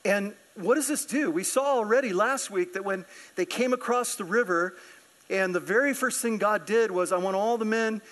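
A man preaching a sermon in a church, animated and acting out scripture characters. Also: high voice, normal speed. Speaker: pastor. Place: church sanctuary.

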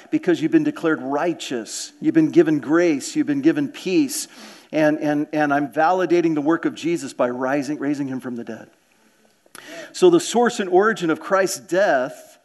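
A man's voice: fairly high pitch, a little mellow. A man preaching a sermon in a church, earnest and direct, often repeating words and asking the congregation questions. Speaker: pastor.

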